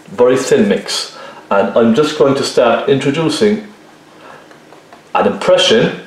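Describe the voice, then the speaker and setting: A man giving a relaxed painting tutorial, talking viewers through each step and often checking in with them as he works. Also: medium pitch, slight background noise. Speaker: painting teacher. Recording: very echoey room.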